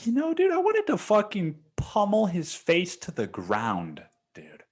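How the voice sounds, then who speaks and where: A man's voice: high-pitched, measured pace, husky. A young man hosting a podcast, telling a story in a casual, profane style and calling the listener "dude". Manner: profane, animated, slangy, says "dude" often. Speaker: podcast host.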